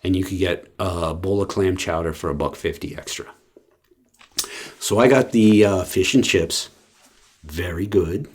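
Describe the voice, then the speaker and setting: A man with a deep, somewhat husky voice talks casually to the camera. He rambles along, stopping often for ums and uhs and starting his sentences over. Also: measured pace, pauses often, darkish tone. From West Coast of the US. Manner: rambling, with many fillers and restarts. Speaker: vlogger.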